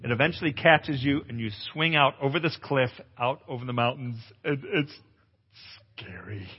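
A male pastor giving a testimonial sermon at a conference, an animated storyteller who acts out dialogue and exclaims loudly. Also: medium pitch, moderate pace, husky. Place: conference hall. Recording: echoey hall, dull lo-fi sound.

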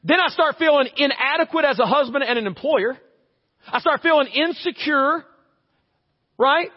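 A pastor with a strikingly high voice delivers a chatty, funny sermon, slipping into quick everyday scenes. His voice rings out through a long church-hall reverb, and the recording sounds a little dull. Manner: conversational, humorous, acts out little scenes. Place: church sanctuary.

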